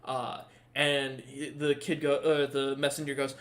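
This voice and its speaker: A man narrating as dungeon master of a tabletop game, halting and full of fillers, easily amused. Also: mid-range voice, level tone, fairly bright tone.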